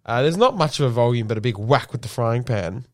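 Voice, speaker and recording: A man's voice: mid-range voice, animated, a little fast, darkish tone. A young man co-hosting a podcast, joking and laughing through casual banter. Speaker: podcast co-host. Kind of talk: casual chat.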